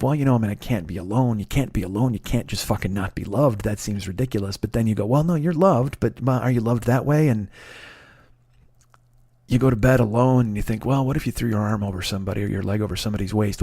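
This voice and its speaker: A man's voice: lowish voice, quick pace, mellow, slightly rough, no echo, studio quality. A man, hosting a comedy podcast with a profane, rambling, self-mocking storytelling monologue full of restarts. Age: 50s.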